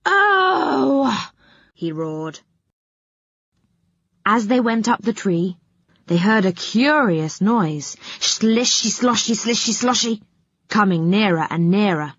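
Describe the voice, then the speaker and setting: A woman narrating a children's storybook aloud in a slow, expressive storytelling manner. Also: medium pitch, breathy edge, dry recording. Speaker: audiobook narrator. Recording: dull lo-fi dry audiobook recording.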